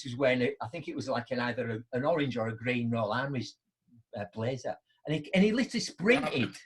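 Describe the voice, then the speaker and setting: A man's voice: medium pitch, slightly rough. A middle-aged man telling chatty anecdotes as a motivational speaker on a video call. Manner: chatty, anecdotal, keeps asking "right?". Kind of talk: storytelling on a live online show.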